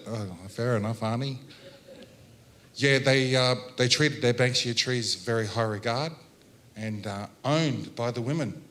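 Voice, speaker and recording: An Australian man addressing a symposium audience in a loose, storytelling way. He jokes, laughs between points and keeps his voice at an everyday middle pitch. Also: unhurried, fairly bright tone. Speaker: Welcome to Country speaker. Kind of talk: relaxed public address with storytelling. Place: health symposium.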